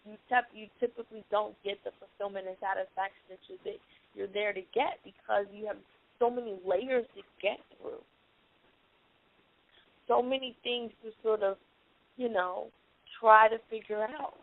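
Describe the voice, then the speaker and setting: A young adult woman leads a motivational conference call in an earnest, emphatic way, circling back to repeat her main points. Her voice sits at an ordinary pitch and comes through a thin, tinny phone line. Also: steady tone, normal speed, gravelly. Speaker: teleconference host, life coach.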